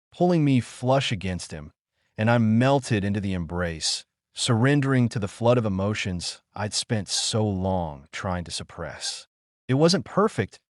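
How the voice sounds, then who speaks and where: A man reading a first-person story in a smooth, even, unhurried way. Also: on the low side, no echo, clean studio sound.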